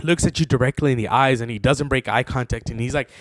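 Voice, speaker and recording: On his own podcast, a young man rambles through a story at a quick pace, leaning on plenty of fillers. His middle-pitched voice turns excitable as he goes, and the recording is close and dry with no room echo.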